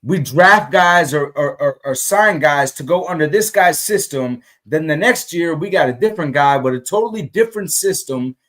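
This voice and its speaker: A man's voice: fairly high pitch, animated, moderate pace, few pauses, a bit bright. A man co-hosting a casual sports talk podcast, ranting heatedly and repeating himself with many restarts. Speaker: podcast co-host.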